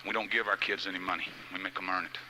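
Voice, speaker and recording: Folksy man with a bright edge. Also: sits low, level tone, rapid-fire, slight background noise, low-quality recording. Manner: folksy, heartfelt, emotional. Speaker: motivational speaker. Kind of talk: motivational speech with personal storytelling.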